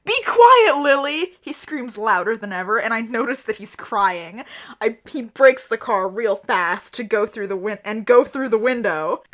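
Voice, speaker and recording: A woman's voice: mid-range voice, normal speed, a bit bright. A woman co-hosting a podcast, reading fan fiction aloud in a giggly, over-the-top way. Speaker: podcast co-host.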